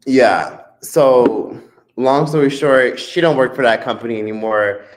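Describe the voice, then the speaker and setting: A man hosting a live stream, telling a profane, animated story in a casual rant. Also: medium pitch, measured pace. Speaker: streamer host. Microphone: streaming mic.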